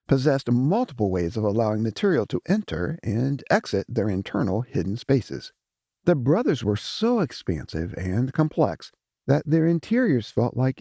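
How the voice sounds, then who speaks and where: A man reads a fantasy audiobook with measured, expressive storytelling. His voice is mellow and slightly husky, and its pitch rises and falls a great deal. The recording is dry and close. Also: dry recording. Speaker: audiobook narrator. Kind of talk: scripted audiobook narration.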